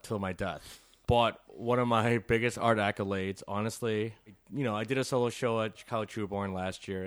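A middle-aged man, a visual artist, telling a story in a casual interview, swearing often and laughing through his sentences. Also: fairly low pitch. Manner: profane, laughing, animated storytelling.

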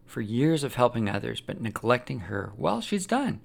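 A gloating storybook devil, voiced by a man, sarcastic and taunting as he lays out his schemes. His voice is gravelly and rough at the edges, sitting in a middling pitch. He sneers more than he shouts. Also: very animated, normal speed, full character voice. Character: sly taunting male devil, Lucifer, mocking.

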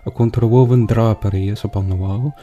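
A man reads an old passage aloud in a slow, measured recitation, using a period pronunciation. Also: lowish voice, steady tone, dark tone, dull audio.

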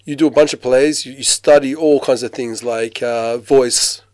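A man who grew up in Australia, a working actor, telling his story in a casual interview with lively mimicry and frequent restarts. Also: mid-range voice, normal speed, no room sound. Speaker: actor, guest.

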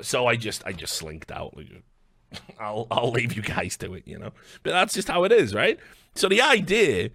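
A man's voice: medium pitch, bright, forceful tone, no room sound, clean studio sound. Sardonic, swearing British man. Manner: profane, sardonic, mocking. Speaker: commentator. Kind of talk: ranting commentary monologue.

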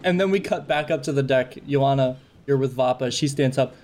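A man narrating as game master, lively and quick to laugh. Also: mid-range voice, slight background noise.

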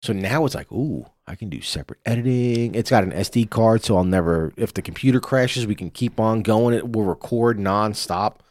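A man with a very deep, low voice co-hosts a podcast, talking casually and swearing freely as he rambles through his points. He speaks close to a studio microphone, and the sound is dry. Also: animated, normal speed, hardly any pauses, darkish tone, no echo. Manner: casual and profane, rambling with restarts. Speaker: podcast co-host. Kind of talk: casual chat.

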